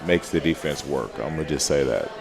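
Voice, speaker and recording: A young man, a football player guest, answering questions in a relaxed, guarded way at a live show. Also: a bass voice, fairly quick, vocal fry. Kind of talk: casual live show interview. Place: busy restaurant with crowd chatter. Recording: live event with crowd noise.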